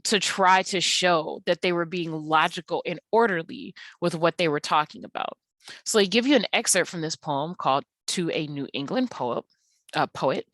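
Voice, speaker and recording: A woman's voice: fairly low pitch, a bit bright, no echo. A woman teacher talking through lecture slides, explaining patiently with frequent ums and uhs. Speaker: English teacher.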